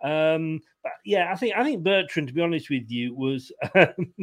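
Higher-voiced chatty football host. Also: male voice, expressive. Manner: chatty, stumbling restarts, quick to laugh. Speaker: host of a football fan show. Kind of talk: casual football discussion reading viewer comments. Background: home setting.

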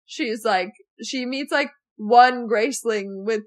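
A young woman co-hosting a book podcast in casual chat, animated, full of "like" fillers and quick laughs. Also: fairly high pitch. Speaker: podcast co-host.

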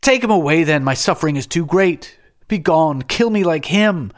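A man's voice: medium pitch, very animated, fairly quick, voice pushed up, lightly acted. A man voicing a proud, stern male lord in an audiobook reading, giving commands and crying out in grief. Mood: wailing. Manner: commanding, then wailing in anguish. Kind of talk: audiobook character voice.

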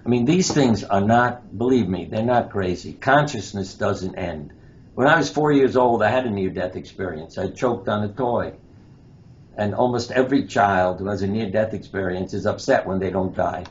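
Telling stories as a guest in an interview, a surgeon-author acts out whatever lines he quotes. His voice is on the low side with lively intonation and a moderate pace; the audio is dull and lo-fi with faint noise.

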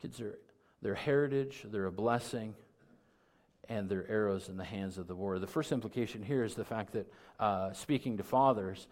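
Middle-aged male pastor, low voice, conversational sermon delivery rising to emphatic peaks. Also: moderate pace. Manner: conversational preaching that builds to loud emphatic peaks.

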